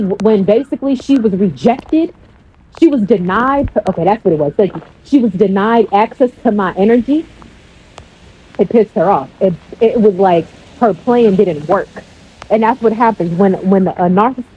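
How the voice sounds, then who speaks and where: Blunt husky woman telling a story. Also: mid-range voice, dull audio. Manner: blunt, animated, swears freely. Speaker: coach. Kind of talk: casual storytelling vlog.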